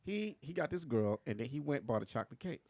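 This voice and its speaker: Animated man with a Philly accent. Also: medium pitch, quick pace. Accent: Philadelphia. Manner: laughs through his own story, animated. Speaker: host. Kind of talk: casual chat, storytelling.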